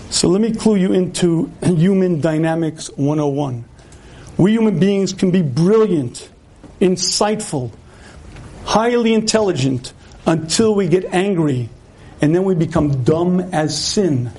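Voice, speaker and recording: A man with a high, mellow voice gives a religious lecture, telling stories and acting out each side of the dialogue. He clears his throat often as he talks, and his delivery stays lively and conversational. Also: unhurried. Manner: animated storyteller acting out dialogue. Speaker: rabbi giving a lecture. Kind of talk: storytelling lecture.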